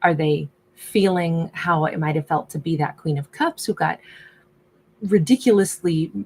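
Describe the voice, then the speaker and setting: A woman's voice: sits low, unhurried, darkish tone, slightly rough. A woman giving a casual tarot reading, musing aloud in a chatty way and often voicing the subject's thoughts. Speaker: tarot reader.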